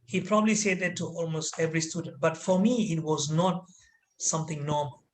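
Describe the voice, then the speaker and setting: A man telling a personal story as a trainer, animated and dramatic with hesitant fillers, over a video call. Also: a little high, a little fast, slight background noise, poor audio. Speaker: corporate trainer.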